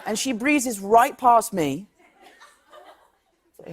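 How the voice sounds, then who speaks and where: A man's voice: very high voice, moderate pace, long pauses, background noise. A young man from England, an actor in interviews, telling anecdotes and acting out what others said. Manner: animated storyteller, acts out others' lines with laughs.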